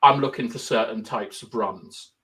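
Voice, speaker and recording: A man's voice: fairly low pitch, normal speed, a bit bright. A young man co-hosting a casual football podcast, explaining tactics at length and thinking aloud with lots of fillers. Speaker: podcast co-host.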